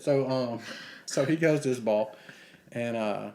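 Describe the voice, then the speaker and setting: A man's voice: mid-range voice, moderate pace, a little mellow. A man co-hosting a podcast, telling rambling anecdotes and acting out the quotes. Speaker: podcast co-host. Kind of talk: casual storytelling chat.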